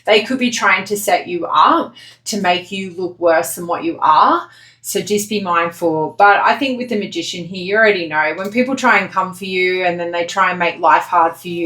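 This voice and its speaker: A woman with a fairly low voice gives a casual tarot reading straight to her viewers. She talks in a blunt, chatty way and swears without a second thought. The sound bounces around an echoey room. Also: moderate pace, pushed and bright. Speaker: tarot reader.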